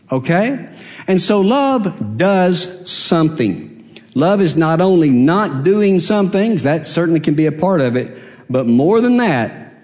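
A man's voice: on the high side, a little mellow. A man preaching a sermon, emphatic, repeating his phrases and asking rhetorical questions.

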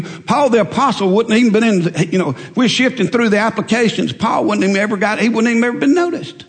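A middle-aged male preacher giving a folksy, animated sermon full of stories. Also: sits high, fast talker, hardly any pauses, big-room sound.

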